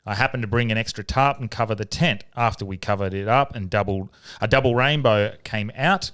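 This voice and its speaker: Laid-back man, low voice. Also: a little fast, clean tone. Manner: laid-back, sweary, reads stories in a low even tone. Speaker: podcast co-host. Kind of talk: casual chat, reading listener stories aloud.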